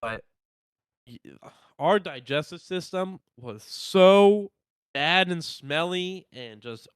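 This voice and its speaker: A young man co-hosting a podcast, telling a story in animated casual chat and acting out what people said. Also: high voice, takes it slowly, clear, resonant tone, no echo. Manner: animated, acts out quotes of himself and others. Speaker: podcast co-host.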